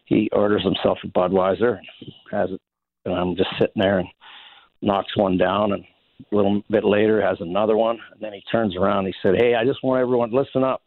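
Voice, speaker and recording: Ex-hockey man, low voice, rambling anecdotes, phone-quality, dry sound. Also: flat delivery, fairly quick, no echo. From Saskatchewan, Canada. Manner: rambling, many restarts, chuckles through stories. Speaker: interview guest, former hockey player. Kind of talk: casual anecdotal storytelling. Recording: phone-like narrow band, dry.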